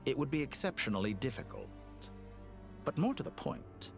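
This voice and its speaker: An actor playing a cruel, calculating male villain in a video game, talking in a cold, condescending, smoothly menacing way. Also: lowish voice, a bit bright, heavily acted.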